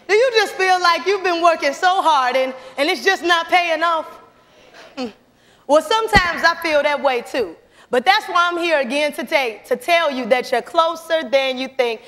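A young woman giving an animated motivational speech in a church, calling out to the audience as she tells stories. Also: high-pitched, normal speed. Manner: animated, calls to the audience, storytelling. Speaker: motivational speaker. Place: church sanctuary. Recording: long church hall reverb.

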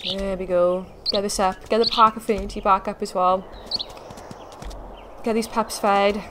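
A woman's voice: mid-range voice, fairly even intonation, measured pace, background noise. A woman chatting to viewers while she plays a game and reacts to what happens on screen. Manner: reacts aloud to on-screen action. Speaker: gaming video host. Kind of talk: casual gameplay commentary.

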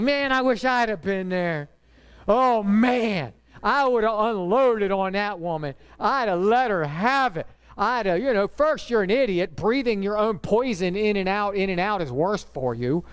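A middle-aged man preaching a sermon as pastor, telling stories in an emphatic, conversational way. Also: sits high. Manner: animated storyteller, emphatic and conversational.

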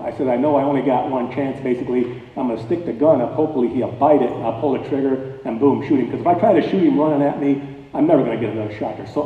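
A man giving a guest talk, telling a personal story to an audience at a chapel dinner in a folksy, animated way. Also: on the high side. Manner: folksy, animated storyteller, grows louder at tense moments. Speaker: guest speaker. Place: chapel hall at a dinner event. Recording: tinny, echoey hall, voice far from the mic.

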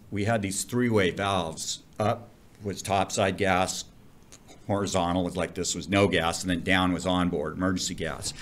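A middle-aged man, a commercial diving instructor, telling stories in a casual interview, animated and profane. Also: fairly low pitch. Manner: animated, profane, vivid storyteller.

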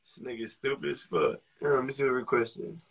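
A man with a husky, breathy voice hosts a livestream, throwing out loud, profane jokes at his friends. His talk is casual and fast-moving banter. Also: mid-range voice, fairly even intonation. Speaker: streamer.

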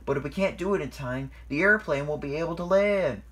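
A man's voice: a little high, fairly quick, fairly bright tone, pitched above the performer's own voice, close to an everyday voice. Man doing a worried railway manager.

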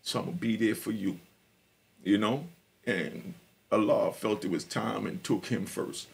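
A man's voice: on the low side, measured pace, creaky, husky. A middle-aged man telling his personal story as a podcast guest, emphatic and streetwise, speaking straight to his listeners.

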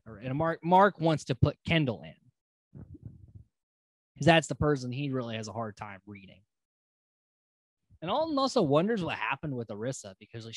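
A man hosting a podcast recaps a reality TV episode, rambling loosely with fillers and casual swearing. His voice is fairly high, with no echo.

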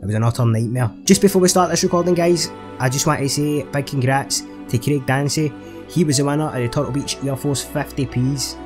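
A man's voice: medium pitch, fairly quick, music in the background. A man commentating on a horror game he is playing, sweary and jokey with jumpy reactions. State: recovering from a chest infection. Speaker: gaming channel host. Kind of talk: let's play commentary.

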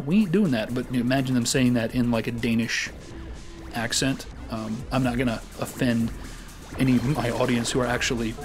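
A man hosting a casual weekly gaming round-up, rambling and joking with lots of filler words. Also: medium pitch. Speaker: gaming show host.

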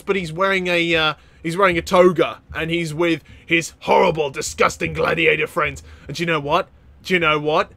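A man giving excitable gameplay commentary as a channel host, laughing often and breaking into loud exclamations. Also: on the high side, fairly quick, no echo.

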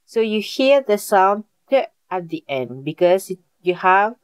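A woman's voice: mid-range voice, sing-song, unhurried, smooth, no room sound. A woman whose first language is French, teaching a live online beginner class in a patient, repetitive way and checking in with her students often. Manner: patient, repeats points and checks in with "Okay?". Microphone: video call.

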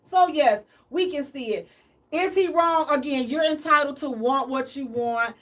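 A woman hosting a radio advice chat in an animated, emphatic, preachy way. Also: high voice, a little slow, distant mic. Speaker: radio show host.

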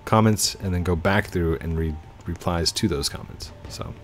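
A man's voice: deep voice, moderate pace, faint music behind. A young man hosting a gaming channel, chatting casually and rambling to his viewers while he plays. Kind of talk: casual gameplay commentary.

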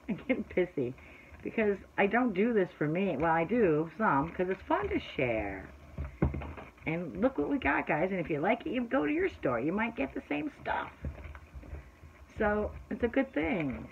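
A woman's voice: fairly low pitch, narrow, tinny audio, slight background noise. Chatty woman unboxing a craft haul. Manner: rambling, talks to viewers, slips into an exasperated rant. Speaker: craft vlogger and shop owner.

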